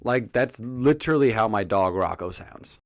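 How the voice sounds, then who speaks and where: A man casually reviewing a TV episode for his vlog, jokey and animated, often acting out the characters' lines. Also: fairly low pitch, moderate pace, music in the background.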